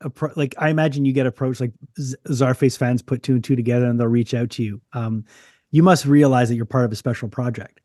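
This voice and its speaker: A man's voice: mid-range voice, fairly even intonation, fast, dark tone, no echo, studio quality. A man from Canada hosting a podcast interview, telling stories in a rambling way and often restarting his sentences. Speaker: podcast host. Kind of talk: casual interview chat.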